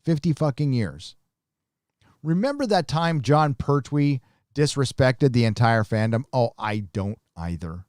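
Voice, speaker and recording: A man's voice: medium pitch, lively intonation, a little slow, darkish tone, no room sound, clean studio sound. A man hosting a live stream, chatting casually and reading viewer comments in a blunt, profane, rambling way.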